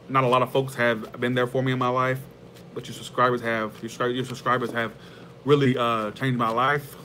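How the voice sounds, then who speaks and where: A man with a middling pitch and a fairly bright tone hosts a tarot channel, talking straight to viewers in an easy, rambling livestream chat. He sounds heartfelt and laughs often, with a faint hum in the background.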